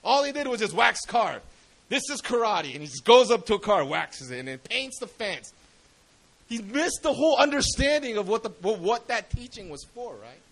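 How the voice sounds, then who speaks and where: A man's voice: sits high, big pitch swings, normal speed, vocal fry, a bit bright, low-quality recording. A man preaching a sermon in a casual, slangy way, often asking the congregation questions.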